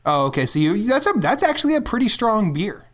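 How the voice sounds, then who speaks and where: Male podcast co-host, chatty, hesitant, moderately high voice. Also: sing-song, brisk. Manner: rambling, hesitant, laughs a lot. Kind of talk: casual podcast chat.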